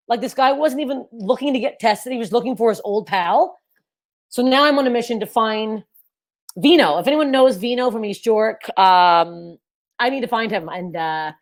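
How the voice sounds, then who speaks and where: A young woman doing a crude, self-deprecating, rambling stand-up set over a video call. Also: on the high side. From Canada. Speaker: stand-up comedian.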